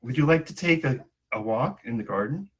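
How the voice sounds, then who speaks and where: A man voicing a young princess in a told fairy tale, speaking a little higher and hesitantly. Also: animated, fairly quick, breathy edge, recorded from a distance, highs cut off. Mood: eager. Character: young princess, polite then eager.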